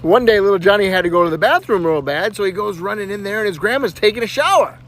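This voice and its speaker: A man telling a crude joke in an animated way. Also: high voice, quick pace, a little hiss or hum.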